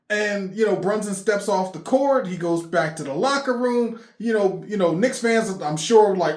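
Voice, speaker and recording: A man, excitedly recapping a basketball game for his fan vlog, emphatic and repeating himself. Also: high-pitched, moderate pace, hardly any pauses, echoey room. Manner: animated, emphatic, repeats himself, laughs often. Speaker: sports fan vlogger.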